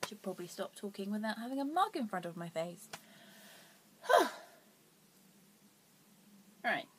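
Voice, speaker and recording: Heavy background noise surrounds this young woman as she hosts her laid-back knitting vlog in an unhurried, sing-song, mid-range voice. Rambling and self-mocking, she occasionally lets her voice fall to near whispers.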